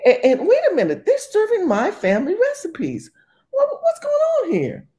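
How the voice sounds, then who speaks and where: Woman doing a shrill, panicking restaurant owner. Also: huge pitch swings, normal speed, warm tone, full character voice. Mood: panicked. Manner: shrill, cries out in disbelief.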